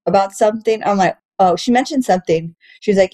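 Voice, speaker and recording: A woman comedian from Texas in a loose, casual chat, candid and quick to swear. Her voice sits at a middling pitch, and she chuckles through her anecdotes. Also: dark tone. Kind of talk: casual podcast chat, storytelling.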